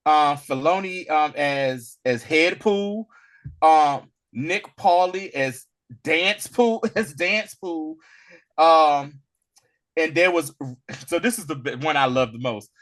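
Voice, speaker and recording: Man, fairly high voice, bright tone, casual movie chat, animated. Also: slow. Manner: animated, acts out lines in loud bursts. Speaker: podcast co-host.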